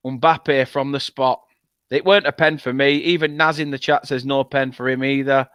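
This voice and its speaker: A man giving excitable live watchalong commentary on a football match, swearing freely when frustrated. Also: mid-range voice, normal speed, smooth, no echo, studio quality. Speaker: fan channel co-host.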